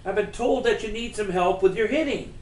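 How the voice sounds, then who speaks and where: A man's voice: high-pitched, fairly quick, close to an everyday voice. A man voicing the blunt, teasing ghost of an old baseball star calling on the phone, in an echoey room.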